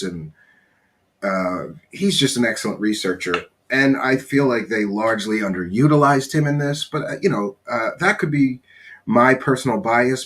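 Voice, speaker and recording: A man with a slightly hoarse voice from a cold, hosting a casual spoken review, opinionated and blunt, with many pauses and fillers. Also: fairly low pitch, fairly bright tone. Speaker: show host reviewing a documentary.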